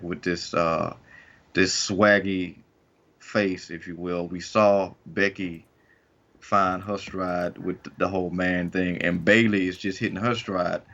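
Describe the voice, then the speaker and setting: A man's voice: sits low, a bit bright. A man co-hosting a wrestling podcast in casual chat, rambling and restarting often as he works through his points. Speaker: podcast co-host. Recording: dull lo-fi recording.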